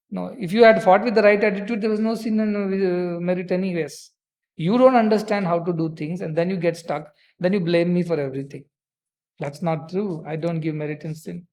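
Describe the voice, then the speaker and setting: A man with a fairly high voice gives a spiritual discourse. He talks in a relaxed, conversational way and slips into the voices of the people in his stories. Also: fairly quick. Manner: conversational storytelling, acting out quoted dialogue. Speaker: spiritual teacher.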